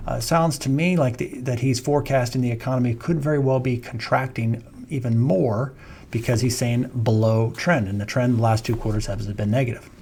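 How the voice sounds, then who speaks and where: A man's voice: medium pitch, fairly even intonation, a little fast, a little mellow, slightly rough. A man, a wealth management firm founder giving a conversational video update on the economy, with frequent ums and self-corrections. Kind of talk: informal video market update.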